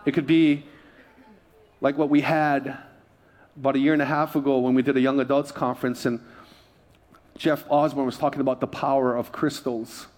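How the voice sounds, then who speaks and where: A middle-aged pastor preaching a sermon, telling stories in an animated way with many quick asides and restarts. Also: male voice, medium pitch. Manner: animated storytelling, self-interrupting asides.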